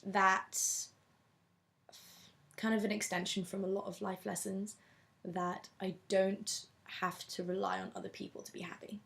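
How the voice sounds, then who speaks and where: A woman's voice: medium pitch, little pitch movement, measured pace, gravelly, a bit bright. A young woman from England chatting openly in an interview. She talks freely, in a casual and candid way, and laughs often. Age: 20s.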